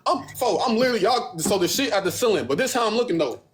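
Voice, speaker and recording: High-pitched and a bit breathy, this young man talks fast as he hosts a phone livestream. He spins a casual, animated story full of swearing, putting on mocking voices to act out other people's words.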